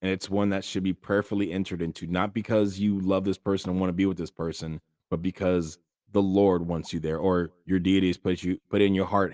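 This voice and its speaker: A man's voice: sits low, little pitch movement, brisk, darkish tone, no room sound, studio quality. A man hosting a podcast, talking earnestly and casually with frequent fillers. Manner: earnest, conversational, many fillers. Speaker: podcast host. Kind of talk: casual monologue on faith.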